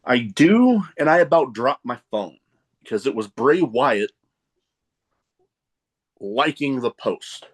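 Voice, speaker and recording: A male podcast host in easygoing conversation. He speaks at a slow, unhurried pace and laughs often. His stories wander through loose asides. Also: mid-range voice, expressive, slightly rough. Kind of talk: casual interview chat.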